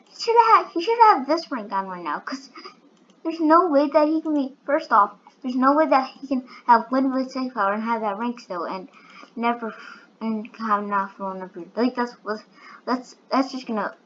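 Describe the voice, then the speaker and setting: A woman giving excitable, giggly commentary over her own gameplay, full of sudden exclamations. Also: a little high, highs cut off, a little hiss or hum. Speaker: gaming channel host.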